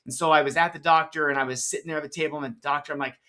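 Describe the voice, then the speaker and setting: A man's voice: a little high, steady tone, very fast, bright, forceful tone. A man co-hosting a podcast in casual conversation, affirming his partner and thinking aloud as he goes. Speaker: podcast co-host.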